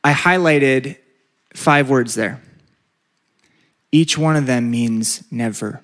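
A pastor preaches a sermon in a mid-range, fairly bright voice, emphatic and stretching out repeated words for emphasis. He leads the congregation in call-and-response.

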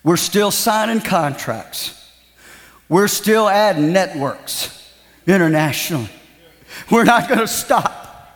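A man with a Southern American accent, a television evangelist preaching and appealing for support in a fervent, shouting manner. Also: high-pitched, animated, slow, pauses often. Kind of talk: sermon and fundraising appeal. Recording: reverberant hall, faint crowd.

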